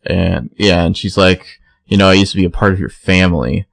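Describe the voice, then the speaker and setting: Deep gravelly man retelling a plot. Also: brisk, no room sound. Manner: relaxed storytelling, acts out quotes. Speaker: podcast co-host. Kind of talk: casual recap chat.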